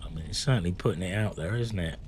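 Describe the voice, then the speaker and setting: A lower-voiced streamer talks through his game in a loose, rambling way and chats to his viewers as he plays. Steady noise sits under his voice the whole time. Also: fast talker. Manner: rambling, chatty, talking to viewers in chat. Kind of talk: live gameplay commentary.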